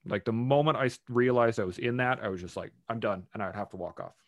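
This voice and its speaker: A man in casual conversation, animated and swearing freely as he acts out his own angry outbursts. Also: mid-range voice, fast, no echo, highs cut off.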